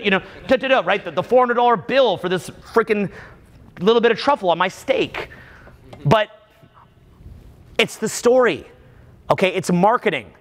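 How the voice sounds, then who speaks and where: A man in his forties holds forth to a live crowd in a lively, high-set voice that swoops up and down. He acts out little scenes and fires questions at the room, and the sound rings with a long hall reverb. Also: brisk. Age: 40s. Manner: animated, jokey storyteller who acts out bits and quizzes the crowd. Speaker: seminar speaker. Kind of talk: live talk to a room audience.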